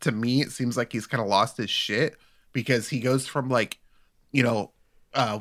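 A man's voice: medium pitch, fairly even intonation, normal speed, fairly bright tone. A man co-hosts a podcast in crude, casual chat. He rambles through an anecdote, laughs often and acts out the people in it. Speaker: podcast co-host.

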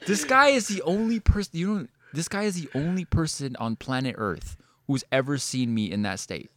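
A man telling a story in casual chat, animated and full of swearing, likes and restarts. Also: a little high, moderate pace, a little hiss or hum.

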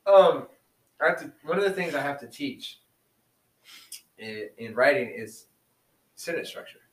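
A man's voice: a little high, lively intonation, measured pace, far from the mic. A male teacher co-hosting a casual podcast, telling stories about his class and laughing easily as he goes. His voice sits a little back from the microphone, and the room gives it a noticeable echo. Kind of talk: casual chat. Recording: roomy echo, set back from mic.

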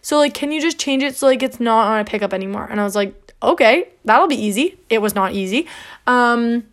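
A woman's voice: fairly high pitch, expressive, fairly quick. Chatty young woman telling a story. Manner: chatty, peppered with "like", acts out quoted dialogue. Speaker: podcast host. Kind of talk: casual storytelling monologue.

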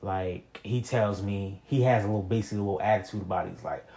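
A man's voice: lowish voice, fast, warm tone. A young man telling a personal story in a casual, rambling monologue, full of slang and "you feel me.". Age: young adult.

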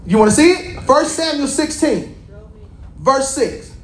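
High-pitched preacher getting all fired up, keeps calling out to the crowd, big echoey church sound. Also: measured pace. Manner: animated, colloquial, repeats phrases and calls out to the congregation. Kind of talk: lively sermon teaching.

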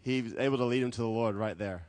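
A man preaching a sermon as a pastor, telling stories with lively acted quotes. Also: mid-range voice, fast, no room sound. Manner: animated storytelling with acted quotes.

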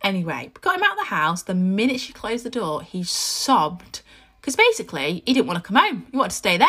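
Mum in her thirties, podcast host; bright, lively voice; chatty and candid, laughs easily. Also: mid-range voice, a little fast. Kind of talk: casual podcast monologue.

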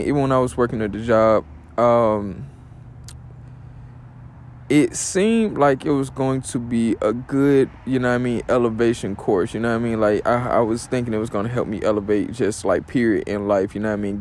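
A man's voice: mid-range voice, normal speed, darkish tone, slight background noise. A man hosting his own podcast in a loose, rambling monologue, heavy on slang and fillers. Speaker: podcast host. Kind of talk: casual monologue.

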